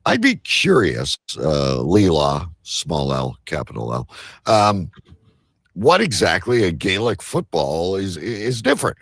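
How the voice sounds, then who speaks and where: A man with a low, gravelly and husky voice co-hosts a casual live-stream chat. His pitch swings widely as he rambles, jokes and swears casually, recorded dry and close. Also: sing-song, a little slow, no echo. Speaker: co-host.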